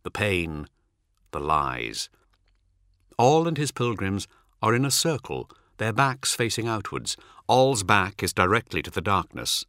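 A man reading a novel aloud as narrator, measured and dramatic. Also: fairly low pitch, sing-song, sharp tone, dry recording, studio quality. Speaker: audiobook narrator. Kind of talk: scripted narration.

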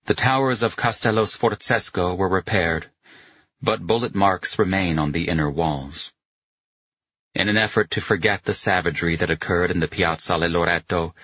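A man narrating an audiobook in a measured, grave way. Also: deep voice, fairly bright tone, breathy edge, dry recording, lo-fi sound. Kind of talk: scripted narration.

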